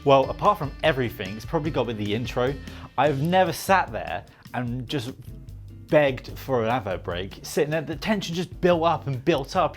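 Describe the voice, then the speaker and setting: Guy, lively up-and-down voice, dramatic retelling, faint music. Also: medium pitch, fairly quick. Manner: animated, dramatic storytelling. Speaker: panelist. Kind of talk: casual chat.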